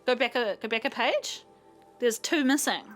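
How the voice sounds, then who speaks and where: A woman chatting her way through a video game, asking curious questions and often restarting her sentences. Her voice sits a little high. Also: animated, normal speed, faint music behind. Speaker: let's play co-host. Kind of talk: casual gameplay chat.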